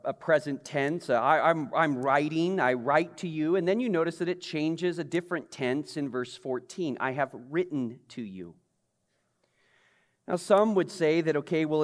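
A man's voice: a little high, long reverb tail. A male pastor preaching a conversational sermon, often putting questions to the congregation.

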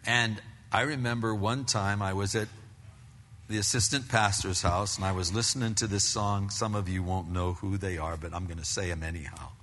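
A man's voice: fairly low pitch, steady tone, moderate pace, fairly bright tone. An older man preaching a conversational sermon as pastor, telling stories with casual slang asides. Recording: long reverb of a large hall.

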